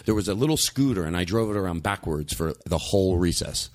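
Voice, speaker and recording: A man hosting a podcast, telling stories in a rambling, animated way with lots of restarts. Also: deep voice, fast. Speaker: podcast host. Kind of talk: casual storytelling chat.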